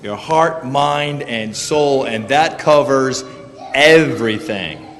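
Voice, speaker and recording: A man's voice: medium pitch, slow, fairly bright tone, in a large hall. A man preaching a casual sermon in a church sanctuary, telling folksy stories with joking asides. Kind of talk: conversational sermon.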